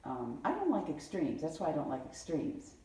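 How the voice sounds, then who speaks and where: A woman's voice: deep voice, moderate pace. A middle-aged woman in a casual family conversation, telling stories and acting out what her relatives said. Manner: animated storyteller who acts out family quotes. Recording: echoey room, mic far off.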